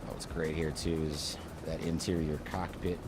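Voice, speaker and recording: A man's voice: a bass voice, flat delivery, moderate pace, very noisy. A man hosting a flight simulator session, chatting with a co-pilot and explaining missions with enthusiasm. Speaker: flight sim channel host. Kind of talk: casual co-op flight sim chat.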